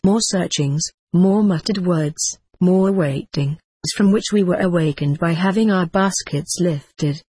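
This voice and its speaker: An audiobook narrator reading a story in a steady, even way. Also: medium pitch, a little slow, hardly any pauses, slightly rough, dry recording.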